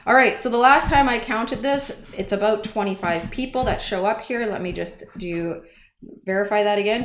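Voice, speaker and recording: A woman's voice: medium pitch, normal speed. Chatty livestream host woman, echoey room. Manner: chatty, easily flustered, talks to chat. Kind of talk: casual livestream chat. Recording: echoey room with faint noise.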